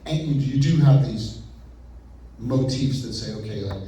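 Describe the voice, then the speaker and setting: A man being interviewed as an actor guest, telling stories animatedly and acting out his own past thoughts in quick asides. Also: medium pitch, dark tone, slight background noise. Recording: roomy echo, picked up from a distance.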